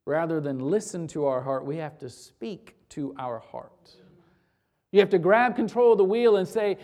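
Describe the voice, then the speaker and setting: Pastor, male, sermon delivery: emphatic, rhetorical questions, loud peaks dropping to hushed lines. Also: normal speed. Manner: swings from loud urgent peaks to low quiet lines.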